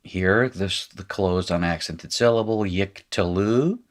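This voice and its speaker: Slow, low-voiced man teaching grammar. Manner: patient, drills forms aloud, wry asides. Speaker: Hebrew teacher. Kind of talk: classroom lecture at a whiteboard.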